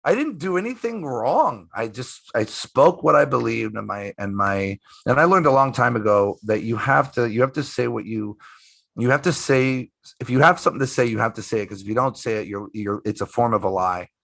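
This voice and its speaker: A man's voice: medium pitch, brisk, vocal fry, a bit bright, dry recording. Emphatic, swearing middle-aged man telling a story. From United States. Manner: emphatic, profane, repeats himself. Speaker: guest magician. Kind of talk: casual interview storytelling.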